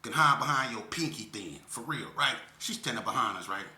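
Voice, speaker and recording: Bright-voiced man telling street stories. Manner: animated, drops low and slow when grieving. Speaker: storyteller vlogger. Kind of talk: casual storytelling. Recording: echoey room.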